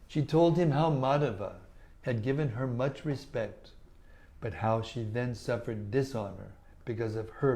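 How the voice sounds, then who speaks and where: A man giving a measured, deliberate devotional scripture reading. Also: medium pitch, warm tone. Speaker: scripture reader.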